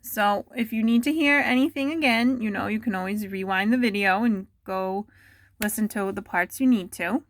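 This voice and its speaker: A woman teacher dictating a spelling test to students at home, repeating each word slowly and giving patient instructions. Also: mid-range voice, no room sound. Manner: slow, deliberate dictation with repeated words.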